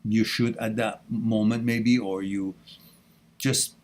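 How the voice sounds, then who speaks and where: A man hosting a live question-and-answer stream, reading out viewer messages and giving advice in an animated, goofy way. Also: on the low side, takes it slowly. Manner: animated and goofy, laughs at his own jokes; reads out viewer messages, then answers directly.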